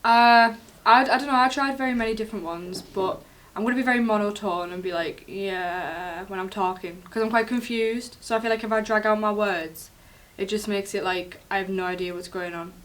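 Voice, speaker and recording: A woman's voice: medium pitch, a little fast, fairly bright tone. A woman drama student talking casually and unsurely, trailing off with many fillers. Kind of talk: casual project discussion.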